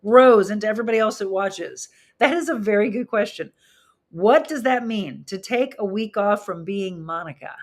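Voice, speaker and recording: A woman's voice: mid-range voice, lively intonation, normal speed. A chatty woman hosts a live show, reading viewer comments aloud in a mid-range voice. She asks her audience questions as she goes. Her talk is loose and friendly, with easy back-and-forth. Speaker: host. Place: studio with flowers behind her.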